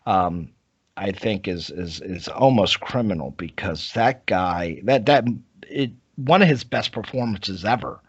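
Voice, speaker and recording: A man's voice: sits low, expressive, a little slow, husky, no echo. A man co-hosting a casual film-review podcast, teasing his co-host and giving blunt opinions. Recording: dull, dry podcast recording.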